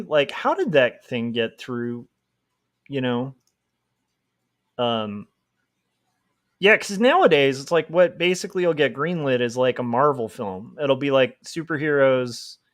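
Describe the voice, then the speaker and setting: A man's voice: medium pitch, fairly bright tone. Giggly rambling young man streaming. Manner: chatty, giggly, rambling with many fillers. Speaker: livestreaming comic artist. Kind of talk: casual livestream chat while drawing.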